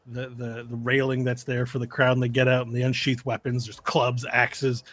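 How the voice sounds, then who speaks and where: Male game master, bright and tense-toned, easygoing, laughs a lot as he narrates. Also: medium pitch, completely flat delivery, normal speed, no echo. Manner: laid-back, laughing narration with restarts.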